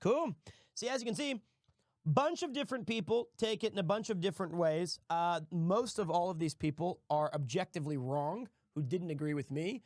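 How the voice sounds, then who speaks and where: Profane joking streamer man, high voice. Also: moderate pace, darkish tone, dry recording, studio quality. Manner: profane, joking banter with laughs. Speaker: streamer host. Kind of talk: casual stream chat.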